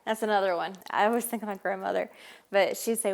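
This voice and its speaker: A woman's voice: mid-range voice, normal speed, gravelly. A woman with an Arkansas Southern accent, chatty and laughing lightly as she explains. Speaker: interviewee.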